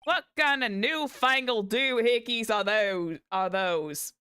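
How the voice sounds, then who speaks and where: A woman's voice: a little high, takes it slowly, bright, forceful tone, clean tone, no echo, studio quality, voice pushed up. Woman doing a drawling Southern cowboy lawman. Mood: folksy. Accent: Southern US (put on). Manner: laid-back, folksy, slangy drawl. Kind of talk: reading game dialogue aloud.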